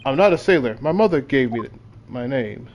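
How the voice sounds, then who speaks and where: Man doing a gruff Russian sailor Biff Stroganoff. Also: medium pitch, lively intonation, a little mellow, a little hiss or hum, voice pushed down, natural voice. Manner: broken English, slow heavy delivery. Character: burly gruff Russian senior crewman, male, suspicious.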